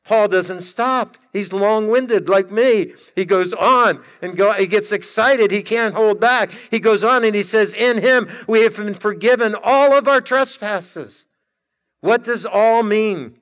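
A man preaching a sermon with emphatic, drawn-out delivery and dramatic pauses. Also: high voice, fairly bright tone. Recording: reverberant church hall.

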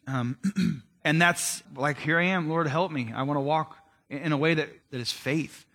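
A man's voice: on the high side, normal speed. A man delivering a casual, conversational sermon as a pastor, speaking to his listeners directly and informally. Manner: conversational, animated, addresses listeners as guys and man.

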